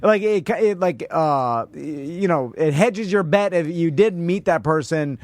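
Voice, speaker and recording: A man's voice: a little high, expressive, measured pace, darkish tone, no room sound. A man co-hosting a talk radio show in the studio, rambling through an anecdote and laughing often. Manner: rambling, laughing often, many fillers and restarts. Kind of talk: casual on-air banter. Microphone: studio microphone.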